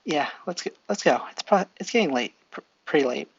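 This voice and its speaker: A storyteller voicing an earnest, nervous teenage boy who talks softly and stammers. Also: medium pitch, expressive, a little fast, gravelly, slightly rough, no echo, highs cut off.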